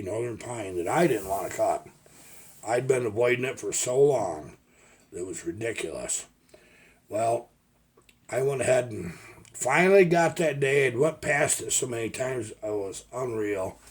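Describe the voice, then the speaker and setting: A man's voice: medium pitch, animated, measured pace, darkish tone, husky. An older man, a logger turned video maker, telling rambling folksy stories in a casual vlog. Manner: rambling folksy storytelling with restarts. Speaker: retired logger vlogger.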